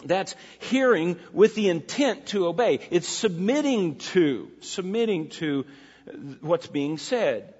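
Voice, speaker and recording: Husky high-voiced male preacher. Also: lively intonation, slow pace, a little mellow. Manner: earnest, emphatic preaching with rhetorical questions. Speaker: pastor. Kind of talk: sermon. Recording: dull lo-fi recording in a reverberant hall.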